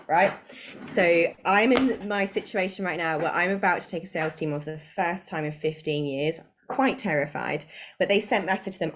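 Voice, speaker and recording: A woman running a live business training webinar from a home spare room, talking in a chatty, informal way and laughing often. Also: low voice. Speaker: online business coach.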